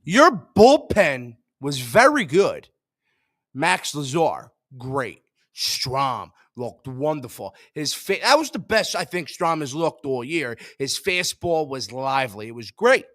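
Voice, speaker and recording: A young man hosting a sports show, ranting in frustration, jumping between loud outbursts and low mutters. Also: very animated, slow pace, no echo, clean studio sound.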